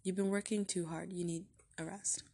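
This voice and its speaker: A woman reading the part of a calm husband and father in a story, speaking in an easy, soothing way. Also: lowish voice, normal speed, creaky, husky. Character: reassuring, slightly dismissive husband and father.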